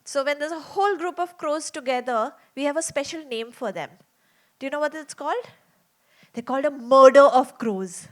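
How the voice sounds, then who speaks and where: A woman telling a story to young children in a small theater, chatty and asking them lots of questions. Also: high-pitched.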